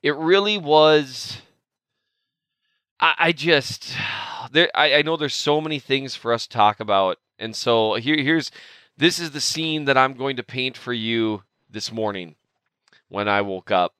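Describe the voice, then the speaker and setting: Bright, animated man in his thirties. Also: mid-range voice, unhurried, clear, resonant tone, dry recording. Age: 30s. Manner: animated, exasperated, rambling with jokes. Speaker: sports podcast host. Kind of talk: casual sports talk.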